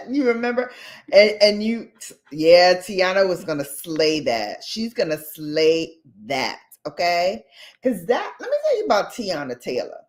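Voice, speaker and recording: A woman's voice: lowish voice, a little mellow. A woman vlogger in casual, gossipy chat, talking straight to her viewers with playful asides. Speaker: beauty vlogger.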